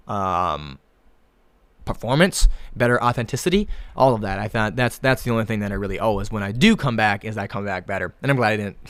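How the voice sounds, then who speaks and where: A man hosting his own podcast alone, talking casually and cursing freely. He swings between low, mumbled asides and loud, pushy hype. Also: dry recording, studio quality. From Minnesota. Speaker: podcast host. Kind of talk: casual solo podcast monologue.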